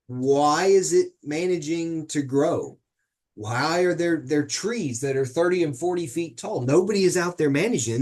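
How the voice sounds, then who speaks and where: Man giving a lively gardening talk. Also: a little high. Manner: conversational, teasing, asks the audience questions. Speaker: horticulture educator. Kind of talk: online webinar lecture.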